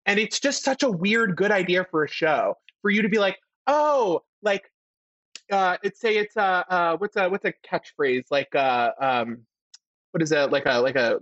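A man's voice: on the high side, no room sound, muffled recording. A man co-hosting a podcast, chatting casually and acting out voices when he tells stories. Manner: animated, acts out voices when telling stories. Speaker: podcast co-host. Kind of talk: casual chat.

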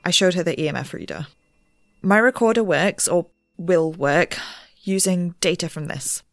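A woman's voice: fairly low pitch, normal speed, dry recording, clean studio sound, natural voice. A woman playing a rambling young researcher. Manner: rambling and self-deprecating. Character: nervous, rule-bending young woman researcher. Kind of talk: audio drama narration.

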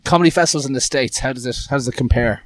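A man's voice: mid-range voice, very fast. Chatty man hosting a podcast. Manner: chatty, rambling, self-mocking. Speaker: podcast host. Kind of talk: casual chat and interview. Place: outdoor festival grounds in later part.

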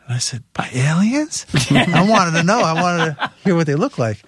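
A man's voice: a little high, normal speed, over a noisy crowd. A man telling wild tour stories in a casual interview, swearing often and laughing through his stories. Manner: profane, laughing, animated storyteller. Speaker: guest musician.

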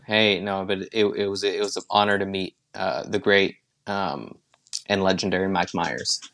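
A man, a comedian guest, talking in a deadpan, teasing way on a podcast. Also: low-pitched, normal speed, gravelly. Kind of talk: casual podcast chat.

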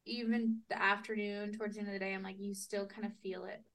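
A young woman co-hosting a casual chat podcast, telling animated stories, swearing freely and laughing often. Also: mid-range voice, fast. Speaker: podcast co-host.

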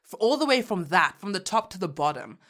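Woman from Uganda co-hosting a chatty podcast; animated, frank, slangy, quick to laugh, mid-range voice. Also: medium pitch. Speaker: podcast co-host. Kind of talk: casual podcast chat.

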